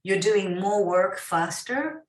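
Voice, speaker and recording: Woman guest, measured and reassuring, off-mic in an echoey room. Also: mid-range voice, lively intonation. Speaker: guest medical intuitive. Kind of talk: calm explanatory talk. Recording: roomy, distant from the mic.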